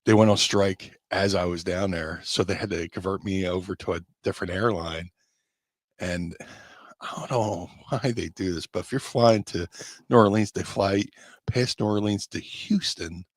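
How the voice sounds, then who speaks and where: Deep-voiced rambling storyteller man. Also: fairly even intonation, moderate pace, no echo. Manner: rambling, self-deprecating storyteller. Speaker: podcast co-host, former wrestler. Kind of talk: casual storytelling chat. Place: home studio on a live stream.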